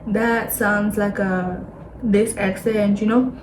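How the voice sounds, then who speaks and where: Young botswana-accented woman vlogging, chatty and animated, echoey room with a bit of faint hum. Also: medium pitch, slow pace. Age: 20s. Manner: chatty, animated, acts out quoted people. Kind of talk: casual sit-down chat.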